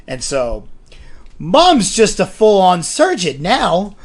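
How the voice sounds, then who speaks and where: A man co-hosting a casual TV review podcast, animated and acting out scenes in silly voices. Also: high-pitched, slow pace. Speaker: podcast co-host.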